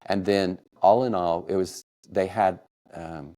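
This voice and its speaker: A middle-aged man from Kansas telling a personal family story, emotional and laughing softly now and then. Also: sits low, steady tone, measured pace. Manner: warm, emotional retelling with soft laughs. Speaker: podcast storyteller.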